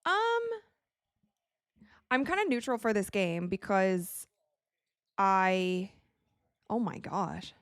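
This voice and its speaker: A young woman from Wisconsin hosting a live game watch party, chatting casually and reacting excitedly to plays as she talks. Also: mid-range voice, takes it slowly, long pauses, clean tone, dry recording, clean studio sound. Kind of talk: live casual commentary to chat.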